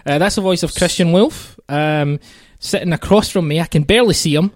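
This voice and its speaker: A man's voice: fairly high pitch, brisk, dry recording, clean studio sound. A man hosting a podcast, chatting casually and rambling with self-mocking jokes and plenty of ums. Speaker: podcast host. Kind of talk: casual chat.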